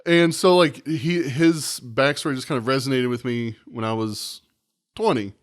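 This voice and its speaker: A man in his thirties tells a story to his co-host. His talk is casual and animated, full of swearing, and he acts out what people said. His voice sits at an average pitch. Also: moderate pace. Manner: animated, profane anecdote-telling with acted quotes. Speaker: podcast co-host.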